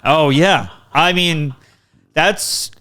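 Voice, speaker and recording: A man's voice: on the high side, very slow, pushed and bright. A man as a podcast guest, talking casually and laid-back, mostly giving short agreeing replies. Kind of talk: casual chat.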